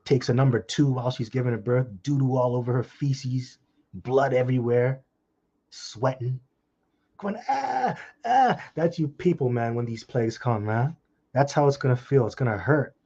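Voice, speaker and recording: A man preaching in a crude, mocking way, stretching out the verses he reads with heavy emphasis. His voice is dark and husky. The recording sounds dull and lo-fi. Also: mid-range voice, fairly even intonation, normal speed. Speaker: street preacher. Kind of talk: scripture reading with commentary.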